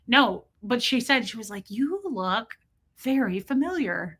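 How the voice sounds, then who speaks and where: A middle-aged woman chats to her stream in a bright, forward voice. She rambles through a story, undercuts herself with deadpan jokes and mock confessions, and breaks off now and then to answer chat. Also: a little high, a little slow, slightly rough. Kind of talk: casual storytelling live stream.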